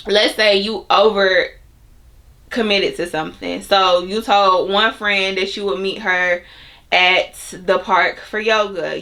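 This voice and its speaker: A young woman with a bright, forward voice, giving self-help advice to her audience. She speaks in a loose, conversational way, with plenty of fillers and asides aimed right at the viewer. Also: medium pitch. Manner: chatty, filler-heavy, talks straight to viewers. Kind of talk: casual advice monologue.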